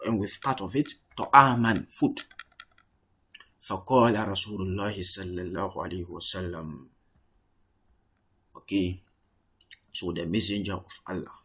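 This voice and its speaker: Um professor de árabe numa aula online, que explica com paciência, repete as palavras e diz "okay" com frequência. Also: male voice, low-pitched, slightly rough. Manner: explains patiently, repeats words, says "okay" often. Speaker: Arabic teacher. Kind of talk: online language lesson.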